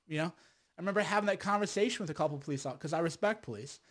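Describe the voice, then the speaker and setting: A man's voice: fairly high pitch, quick pace, a bit bright. A middle-aged man, a lawyer and filmmaker, speaking in a casual, combative monologue, repeating words and tagging lines with "right?".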